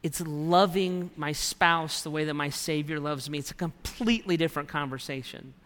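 A man's voice: on the high side, moderate pace, fairly bright tone. A man preaching a sermon in a conversational way, acting out the prayers and thoughts of his listeners. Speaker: pastor. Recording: long hall reverb.

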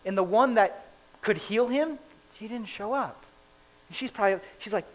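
A man preaching a conversational sermon, retelling a scripture story in casual, animated paraphrase. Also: sits high, moderate pace, rough recording.

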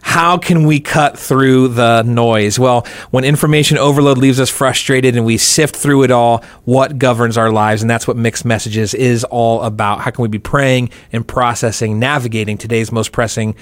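An upbeat man hosts a casual faith podcast, joking easily with his co-host. His voice sits at a middle pitch and is recorded dry and close. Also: steady tone, normal speed, hardly any pauses, no echo.

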